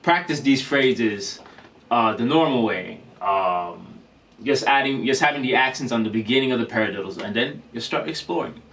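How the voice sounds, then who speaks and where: A man giving a casual drum lesson in a vlog, talking in a relaxed, rambling way with lots of fillers and restarts. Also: mid-range voice, normal speed, creaky, slight background noise. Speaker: drum teacher vlogger. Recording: distant mic, faint room ambience.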